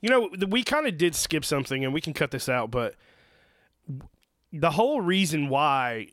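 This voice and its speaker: A man with a somewhat high voice chats casually about a film, mostly jumping in with quick remarks and agreement. The sound is dry and close. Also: very animated, a bit bright, no echo. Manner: short interjecting remarks and agreement. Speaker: podcast co-host. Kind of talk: casual movie chat.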